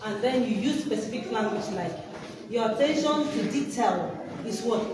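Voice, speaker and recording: A woman's voice: fairly high pitch, expressive, normal speed. A woman presenting a workshop, quizzing her listeners with prompts for them to finish. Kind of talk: interactive teaching talk. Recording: echoey hall, distant mic, background noise.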